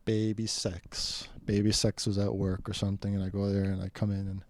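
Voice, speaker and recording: A man's voice: lowish voice, level tone, a little fast, darkish tone, a little hiss or hum. A man telling a rambling, casual personal story, quoting the people in it. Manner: rambling, chatty, quotes people in his story.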